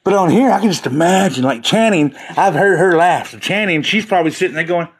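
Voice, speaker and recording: A man's voice: sits high, lively intonation, a little fast, slightly rough. Laughing, rambling man on a livestream. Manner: joking, laughing often, rambling. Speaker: livestream host chatting with viewers. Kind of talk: casual livestream chat.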